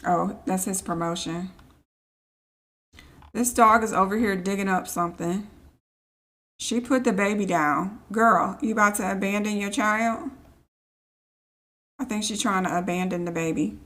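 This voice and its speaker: This gaming streamer's voice sits mid-range, a touch bright, and moves a little slowly with long pauses. She plays a life-sim game in casual let's play style, chatting and poking fun at her characters.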